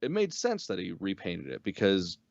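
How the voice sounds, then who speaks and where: Animated low-voiced man on a dull mic. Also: moderate pace, gravelly, no echo. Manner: animated, swears freely, acts out character lines. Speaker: podcast co-host. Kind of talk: casual review chat.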